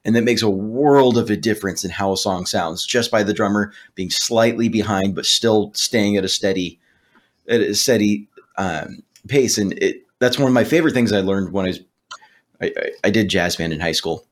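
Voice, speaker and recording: Male podcast co-host, low-pitched, steady explainer, casual. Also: normal speed. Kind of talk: casual chat.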